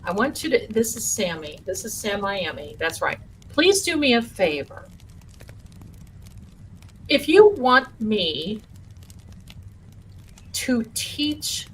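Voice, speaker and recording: A folksy woman hosts a live stream from home and chats with viewers she calls her darlings. She speaks at an unhurried, drawn-out pace, and faint room ambience sits behind her voice. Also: mid-range voice, a bit bright, slight background noise, poor audio. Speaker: livestream host and spiritual teacher.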